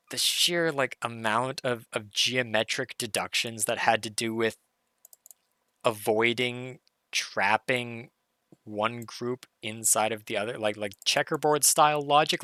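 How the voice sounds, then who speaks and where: A hoarse man solving a logic puzzle live, muttering through his reasoning and self-correcting as he goes. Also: mid-range voice, pushed and bright, no echo, clean studio sound. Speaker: puzzle streamer. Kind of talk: thinking-aloud live puzzle solve.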